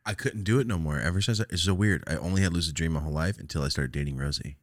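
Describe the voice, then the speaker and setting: A man hosting a casual podcast, telling stories in an animated way, swearing freely and laughing often. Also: deep voice, rapid-fire, no room sound, studio quality. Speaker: podcast host.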